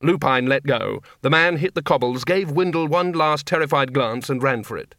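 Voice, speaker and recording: A man narrating an audiobook with a wry, expressive reading. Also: medium pitch, moderate pace, hardly any pauses, dry recording, clean studio sound.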